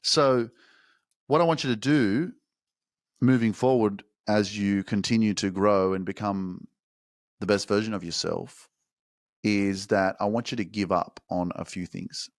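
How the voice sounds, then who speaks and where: A man's voice: lowish voice, fairly even intonation, unhurried, no echo, clean studio sound. A man hosting a motivational podcast, talking casually with a lot of slang and profanity and pushing his listeners hard. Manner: profane, slangy, fired-up exhortation. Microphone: microphone.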